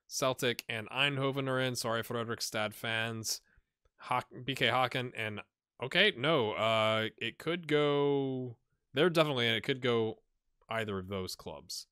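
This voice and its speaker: A man commentates his game in a relaxed let's-play chat, thinking out loud and getting excitable over good results. His voice is bright and forward, recorded close and dry on a desk mic at home. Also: medium pitch, smooth, no room sound. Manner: chatty, thinking aloud, excitable. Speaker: gaming channel host.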